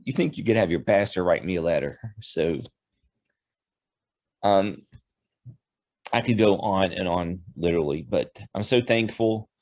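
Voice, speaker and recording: Emotional deep-voiced man giving a tribute. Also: darkish tone, no echo. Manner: emotional, halting. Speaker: former church member giving a tribute. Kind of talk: heartfelt spoken tribute.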